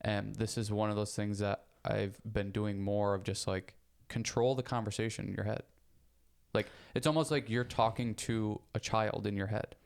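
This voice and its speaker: Young male podcast co-host, deep clear voice, loose rambling chat. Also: normal speed. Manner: rambling, repeats words, animated when making a point. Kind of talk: casual chat.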